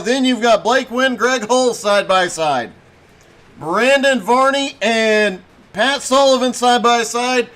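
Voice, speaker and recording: A man doing brisk play-by-play commentary on a sim race, with a voice he says is giving out. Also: very high voice, fairly bright tone. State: losing his voice.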